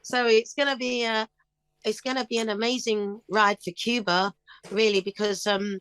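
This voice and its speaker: A woman's voice: on the high side, flat delivery, moderate pace, a bit bright, smooth, no room sound. A middle-aged woman talking as a guest in a casual interview, chirpy and upbeat, telling stories with animation. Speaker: guest singer.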